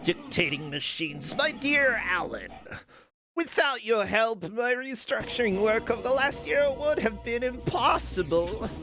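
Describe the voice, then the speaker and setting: A man's voice: very high-pitched, expressive, a little slow, voice pushed up, full character voice. A man voicing a genteel, fussy elderly park founder, reading a letter in a pompous old-fashioned way. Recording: game music playing behind.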